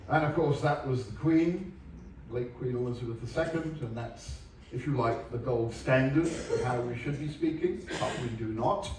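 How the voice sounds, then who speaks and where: An English onboard lecturer gives a humorous talk in a large ship theatre, dropping dry, wry asides. His mid-range voice is a little mellow and moves at a moderate pace. The recording picks him up from far off in the echoey hall, with a little hiss or hum.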